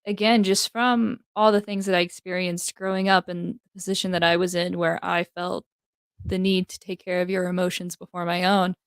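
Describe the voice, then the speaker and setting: A woman's voice: lowish voice, little pitch movement, moderate pace, clean tone, no room sound, studio quality. A young woman talking thoughtfully in a casual, heartfelt conversation, with many fillers. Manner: thoughtful, filler-heavy, reflective. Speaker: guest, host's daughter.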